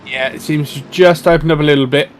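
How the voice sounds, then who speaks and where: Relaxed male co-commentator. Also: on the high side, fast talker, slight background noise. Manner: relaxed, conversational analysis. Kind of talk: live race commentary.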